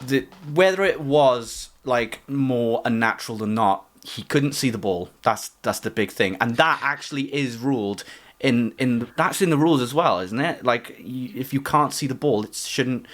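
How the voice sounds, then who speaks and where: A man's voice: medium pitch, expressive, normal speed, fairly bright tone. A man from the UK co-hosting a casual chat podcast, rambling with lots of "like" and "you know". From United Kingdom. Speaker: podcast co-host.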